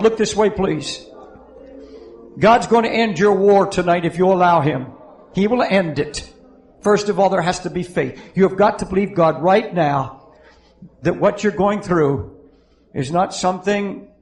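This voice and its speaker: Fervent high-voiced preaching man. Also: a little mellow, rough recording. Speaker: pastor. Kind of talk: sermon with altar-call prayer. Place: church in front of a congregation.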